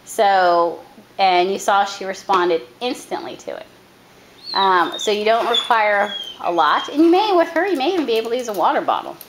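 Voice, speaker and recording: A woman dog trainer giving a hands-on coaching demonstration outdoors, calm when she explains and brisk when she gives instructions. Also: medium pitch, poor audio. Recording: camera audio with loud background noise.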